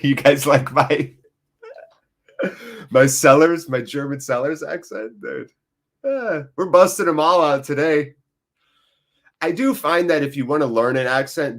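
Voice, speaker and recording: Calling a football match live for a watchalong, this man jumps between casual commentary and wandering side chatter, all with excitable energy. His voice is mid-range.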